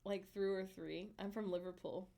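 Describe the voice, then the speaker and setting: A woman's voice: medium pitch, fairly even intonation, normal speed, warm tone. Chatty woman streamer talking with chat. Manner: chatty, laughs often, reads and answers chat. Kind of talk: casual chat with viewers.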